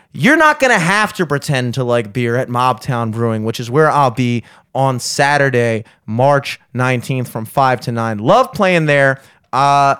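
A man's voice: medium pitch, a bit bright, clean tone, dry recording. Young male podcast host, loose and profane, dry close mic. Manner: profane, joking, rambling plugs. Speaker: podcast host and gigging musician. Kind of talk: casual podcast banter.

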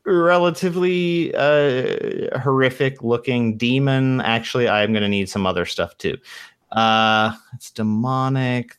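A man's voice: mid-range voice, clear, resonant tone. A young man running a tabletop game as game master, reading out rules casually and swearing now and then.

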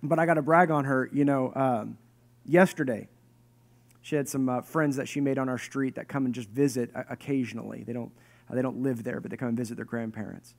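A pastor in his thirties or forties preaching a sermon to his church, conversational and animated, with joking asides. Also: medium pitch, fairly quick, creaky. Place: church hall with congregation.

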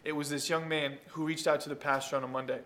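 A male pastor giving an emphatic sermon, dropping low for quiet points and rising into loud calls to the congregation. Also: little pitch movement, fast talker. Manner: emphatic preaching, swings from soft asides to loud calls; talks straight to the congregation.

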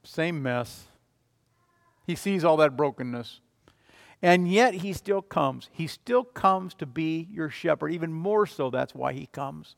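A man preaching a sermon as a pastor, emphatic, swinging between loud declarations and quiet, low passages. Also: expressive, slow pace, gravelly, big-room sound. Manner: emphatic, rising and falling in volume.

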